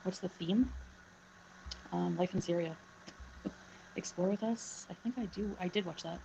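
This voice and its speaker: This livestream guest speaks unhurriedly with a fairly low voice and vocal fry, chatting away and reading chat names aloud to greet viewers. Her home mic captures a humming fan, so the lo-fi recording carries loud fan noise.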